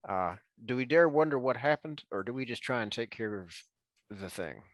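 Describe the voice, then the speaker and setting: A man's voice: mid-range voice, animated, moderate pace, dry recording. A man playing a tabletop game, talking in a cautious, hedging, rambling way. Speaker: player. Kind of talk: tabletop role-play chat.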